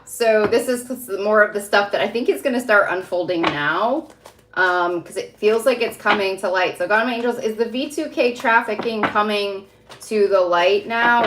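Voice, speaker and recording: A woman's voice: mid-range voice, background noise. A woman psychic reader talking in a casual, rambling way, full of fillers and frequent laughter. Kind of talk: casual spiritual vlog talk. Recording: roomy echo.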